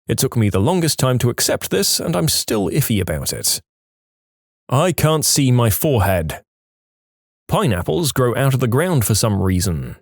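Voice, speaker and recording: A man reads listener posts aloud for a podcast, his pitch leaping up and down as he goes. He breaks in with dry, wry comments of his own between the items. The recording is close and dead dry, with no room sound at all. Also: moderate pace, dry recording. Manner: animated reading with wry asides. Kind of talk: reading online posts aloud.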